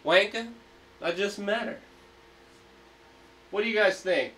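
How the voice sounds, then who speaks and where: Bright-voiced man hosting a livestream. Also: high-pitched, unhurried, distant mic. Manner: hyped, profane ranting. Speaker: livestream host. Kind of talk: casual livestream banter.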